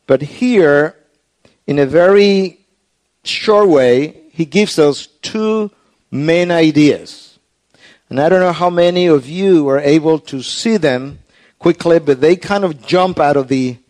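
Slow-speaking preacher man. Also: a little high. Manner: earnest, explanatory preaching with many restarts; hushed, soft prayer. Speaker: pastor. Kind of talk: sermon.

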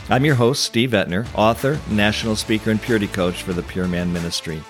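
A man's voice: lowish voice, a little fast, faint music behind. A man hosting a Christian teaching podcast, speaking in an emphatic preacherly way with rhetorical questions. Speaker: podcast host and Christian coach.

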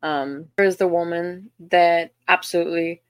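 A woman's voice: lowish voice, steady tone, normal speed, clean tone, dry recording. Southern woman, young, podcast host; casual, self-mocking, stumbly delivery, dry close recording. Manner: chatty, self-deprecating, frequent restarts and ums. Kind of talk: casual storytelling monologue.

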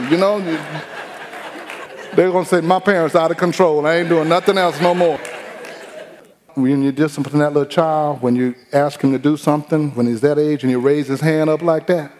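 Preacher with a drawl in a reverberant sanctuary. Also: male voice, fairly high pitch, darkish tone. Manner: folksy, humorous storytelling with acted-out quotes. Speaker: pastor. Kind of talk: sermon. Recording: long hall reverb.

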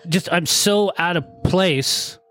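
A man's voice: high-pitched, takes it slowly, a bit bright. A middle-aged musician, a man, talking reflectively and rambling in a podcast conversation. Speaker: guest musician. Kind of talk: casual chat.

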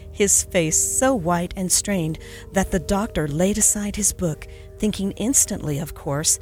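A woman narrating a classic holiday storybook aloud with expressive, dramatic delivery. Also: on the low side. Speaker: podcast narrator.

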